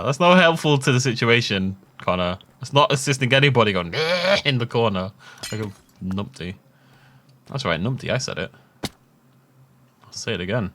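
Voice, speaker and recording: A man's voice: mid-range voice, expressive, brisk, fairly bright tone. Rambling guy narrating his gameplay. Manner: chatty, self-mocking, laughs often. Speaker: gaming YouTuber.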